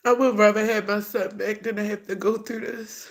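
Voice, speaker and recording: A woman's voice: medium pitch, steady tone, moderate pace, few pauses. A woman talking casually to viewers on a livestream. She is blunt and profane and swings between scorn and grief. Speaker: livestreamer, grieving mother.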